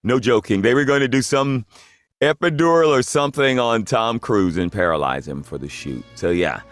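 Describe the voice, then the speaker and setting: A man telling an amused, relaxed anecdote. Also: mid-range voice, normal speed, no echo, soft background music. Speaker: actor telling a story.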